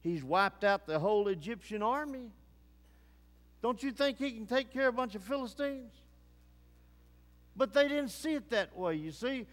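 Male preacher, fervent sermon delivery, high-pitched, long reverb. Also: lively intonation, normal speed, long pauses, fairly bright tone. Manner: fervent, swings between low grave tones and rising urgency.

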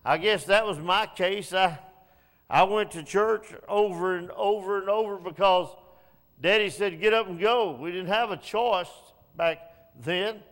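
High-voiced preacher in an echoing hall. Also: male voice, a little slow. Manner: swings from low hushed passages to raised pleading lines. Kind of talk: sermon.

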